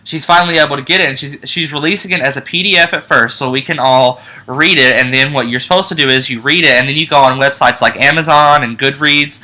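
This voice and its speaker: A young man with a very bright, forceful voice chats casually on a fan podcast. He rambles with restarts and fillers, getting excited fast, and sits at an ordinary speaking pitch. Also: rough recording. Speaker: co-host.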